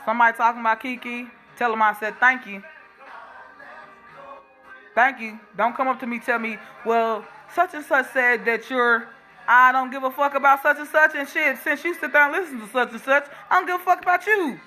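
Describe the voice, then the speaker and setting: A woman's voice: high voice, fast, hardly any pauses, bright, forceful tone, faint music behind. A woman vlogger talking straight to camera in a blunt, profane, fired-up rant. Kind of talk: casual monologue to camera.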